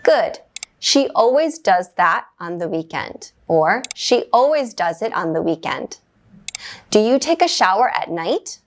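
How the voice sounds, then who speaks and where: A woman teaching an English grammar lesson, explaining in a clear, measured way and giving short upbeat praise after each exercise. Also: medium pitch, big pitch swings.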